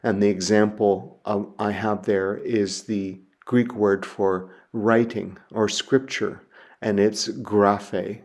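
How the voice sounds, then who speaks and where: A man teaching a recorded lecture in a somewhat low voice. He speaks very slowly and methodically, pausing to sound out and repeat each example word. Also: level tone, darkish tone. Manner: slow, methodical, spelling sounds out and repeating words.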